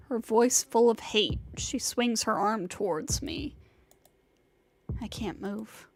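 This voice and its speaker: A woman streamer reading a visual novel aloud in measured, dramatic first-person narration, over music. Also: on the high side, creaky. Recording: music playing behind.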